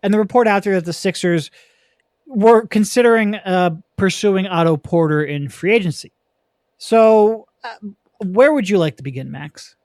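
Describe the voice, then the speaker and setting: A young man hosting a casual sports podcast, chatty and quick with asides, laughing easily. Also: sits high, a little mellow, no room sound, studio quality. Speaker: podcast host.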